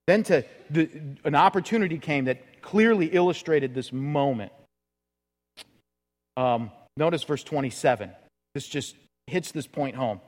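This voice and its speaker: A man's voice: on the high side, lively intonation, a little slow. A male pastor giving a conversational sermon in a church, full of rhetorical questions and acted-out quotes. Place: church sanctuary. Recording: reverberant church hall.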